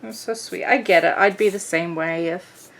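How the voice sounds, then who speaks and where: A woman's voice: fairly low pitch, normal speed, fairly bright tone. A middle-aged woman chatting casually as she works on a craft journal, rambling with lots of fillers. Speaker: craft vlogger. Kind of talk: casual chat while crafting.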